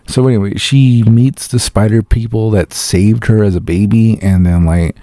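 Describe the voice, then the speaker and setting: Low, dark-voiced man ranting casually. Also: no room sound, studio quality. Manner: profane, sarcastic, mimics characters in quick asides. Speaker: podcast host reviewing a film. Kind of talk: casual solo review.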